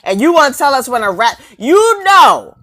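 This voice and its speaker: A woman's voice: high-pitched, very animated, moderate pace, sharp tone. A woman delivering a confrontational, preachy rant to camera, mocking her targets and firing off rhetorical questions and repeated lines.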